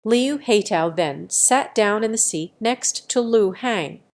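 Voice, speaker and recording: A woman narrates a romance audiobook at an unhurried, deliberate pace. Her voice sits at a middling pitch, and the reading is scripted and even.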